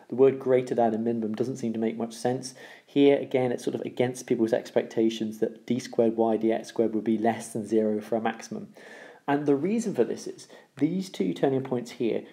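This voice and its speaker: A male maths teacher talks through a lesson with a gravelly, mellow voice. He explains patiently, repeats each rule and pauses to ask "okay?" His tone stays dark and steady. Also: medium pitch. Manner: explains step by step, repeats key rules, checks with "okay?".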